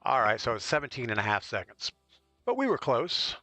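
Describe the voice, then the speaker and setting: A man with a bright, forceful voice chats easily with viewers as he streams a game. He talks straight to his audience between plays, in a casual, running-commentary way. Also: mid-range voice, sing-song, a little fast, no echo, soft background music. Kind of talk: casual live-stream commentary while gaming.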